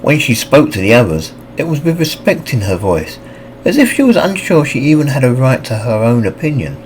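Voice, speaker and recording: A man narrating a fantasy audiobook with expressive, scripted reading. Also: fairly quick, slight background noise, poor audio. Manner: expressive reading with lively pitch.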